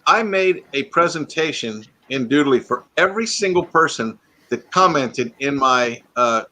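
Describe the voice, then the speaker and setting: A man's voice: on the high side, expressive, a little slow, sharp tone. A man hosting a livestream, rambling in casual chat and joking about himself. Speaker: livestream host.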